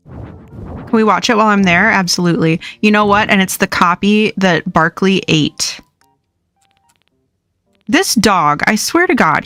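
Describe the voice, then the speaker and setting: A young woman with a medium-pitched, fairly bright voice hosts a livestream, chatting casually as she plays a game. She rambles and laughs often.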